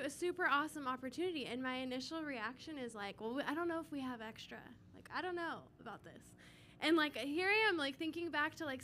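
A woman's voice: high-pitched, pushed and bright, slight background noise. Rambling woman giving a church talk. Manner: rambling, many fillers like "like". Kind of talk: casual church testimony and prayer.

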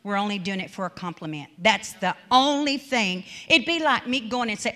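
A woman's voice: mid-range voice, expressive, moderate pace, hardly any pauses, a bit bright. A woman preacher giving a sermon in a conversational, storytelling manner, often acting out quoted speech.

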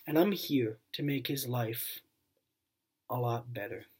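A young man speaking to camera in a heartfelt thank-you vlog, his voice soft and husky with a breathy edge. He keeps circling back to the same simple phrases, and his voice wavers and chokes up. The delivery is plain and sincere, never polished. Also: medium pitch, slow. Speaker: channel owner.

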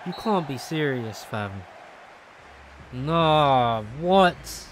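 A young man, commentating his own football video game matches and swinging between low mutters and shocked shouts. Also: expressive, drawn-out words, noisy background. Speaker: gaming YouTuber. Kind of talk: live gameplay commentary.

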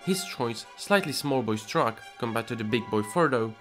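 Deadpan comic narrator, man. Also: medium pitch, moderate pace, over music. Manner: deadpan, sarcastic. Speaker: host. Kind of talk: comedic scripted narration.

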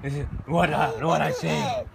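A gravelly Batman. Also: a little high, fairly even intonation, measured pace, a loud crowd. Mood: gravelly growl. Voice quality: gravelly growling whisper. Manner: playful, talking to his baby daughter. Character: brooding gruff male masked vigilante.

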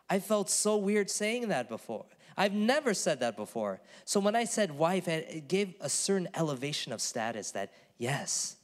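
Earnest pastor man, emphatic and fairly high. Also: very animated, normal speed, big-room sound. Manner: earnest, emphatic, calls on the congregation to repeat words. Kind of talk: conversational sermon dialogue. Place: church.

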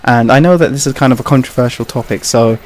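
A man's voice: medium pitch, quick pace. A man giving casual opinion commentary over gameplay, rambling and hesitant, full of "you know" and "kind of," with awkward laughs between points. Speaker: gaming commentator.

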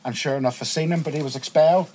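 Rapid-fire and husky, with a fairly high pitch, a man recounts school stories as a guest on a casual podcast. He tells them animatedly, swearing a lot and performing the quoted voices.

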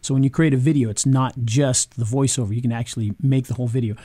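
Chatty man with a mellow voice. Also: medium pitch, fairly even intonation, fast talker, no room sound. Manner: chatty, with frequent ums and restarts. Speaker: video marketing reviewer. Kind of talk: casual screen-recorded product review.

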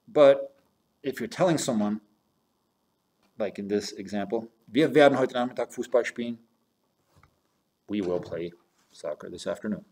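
This is a recorded German grammar lesson from a man whose mid-range voice is a bit mellow with a breathy edge. He takes it step by step between English and German phrases and addresses students as "you guys."

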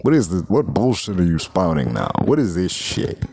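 Low-voiced, animated male movie reviewer. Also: normal speed, gravelly, background noise. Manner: animated, profane, riffing with mock voices. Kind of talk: casual spoken review.

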